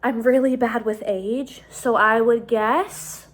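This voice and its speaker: Speaking into a handheld phone, a young woman rushes through a chatty, exasperated storytime vlog. She starts out walking outdoors at night and later continues at home. Her voice is on the high side with fairly even intonation.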